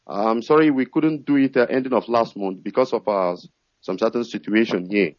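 A man's voice: mid-range voice, moderate pace, a little mellow, no echo, highs cut off. A man on a radio call-in, speaking earnestly and rambling with many fillers. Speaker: caller.

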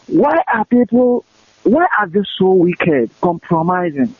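A man's voice: high voice, sing-song, a little slow, slightly rough, no room sound. A male caller on a radio call-in show, distraught and pleading. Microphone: phone line. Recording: tinny phone line.

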